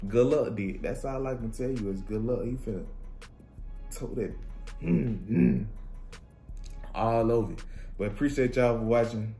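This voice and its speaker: A young man, bursting into loud exclamations over the plays. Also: medium pitch, measured pace, gravelly, pauses often, soft background music. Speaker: reaction channel host. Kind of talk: casual sports highlight reaction.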